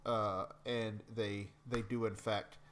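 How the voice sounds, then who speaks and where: A man running a tabletop game as game master, explaining rules in a relaxed way with many hesitations. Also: lowish voice, slow, a little hiss or hum.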